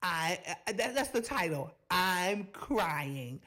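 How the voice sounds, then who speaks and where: Sassy woman with lively pitch. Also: takes it slowly, noisy background. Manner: sassy, animated, talks straight to viewers. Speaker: reaction video host. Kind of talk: casual reaction commentary.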